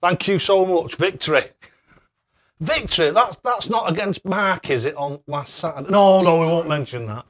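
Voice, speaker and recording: A young man runs a casual live stream with cheery, excitable chat. His voice sits a little high, and he keeps thanking viewers by name. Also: moderate pace, hardly any pauses, slight background noise.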